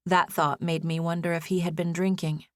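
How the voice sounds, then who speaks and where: A young woman reads a first-person audiobook with a gentle, intimate storytelling manner. Her voice sits a little low, and the recording is dry and close, with no room sound. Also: flat delivery, normal speed, no echo. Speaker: audiobook narrator. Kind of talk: scripted first-person narration.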